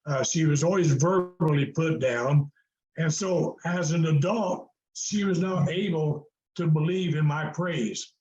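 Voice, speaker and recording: A man's voice: fairly high pitch, unhurried, a little mellow. An older man, a guest on a video call, earnestly telling his story in a preacherly way, with fillers and repetition. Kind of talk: conversational storytelling. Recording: roomy, dull video-call audio.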